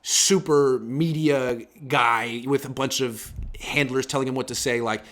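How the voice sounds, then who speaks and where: A man in his thirties hosting a casual sports talk show, animated and acting out quotes in swinging voices. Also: mid-range voice, a little slow.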